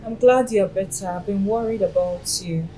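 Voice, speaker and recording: An actress with a Nigerian accent playing a rich young woman who speaks politely and warmly, anxious when stranded. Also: mid-range voice, moderate pace, lightly acted. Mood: gentle. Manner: anxious, pleading on the phone. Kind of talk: Nollywood film acting. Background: music.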